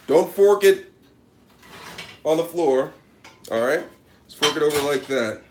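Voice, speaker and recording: A comedic cooking vlogger boasts and talks directly to his audience with repeated catchphrases in a deadpan parody cooking show set in his home kitchen. His voice runs high but with a darkish tone, over slight background noise.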